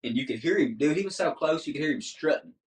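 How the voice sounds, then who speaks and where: A man with a fairly high voice talks fast while telling a story as a podcast guest, keeping it casual and acting out the lines vividly. The recording is roomy, with the mic at a distance.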